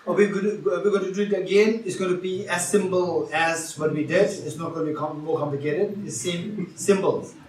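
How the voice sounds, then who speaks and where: A man giving an interactive Buddhist teaching, asking the audience questions and repeating key phrases. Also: sits high. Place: retreat teaching hall. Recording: roomy hall sound from far off.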